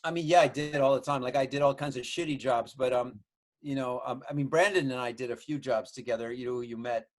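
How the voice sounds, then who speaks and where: A man's voice: mid-range voice, a little fast. A man in his sixties, a guest filmmaker, telling rambling stories from his home with lots of swearing and restarts. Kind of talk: casual storytelling chat.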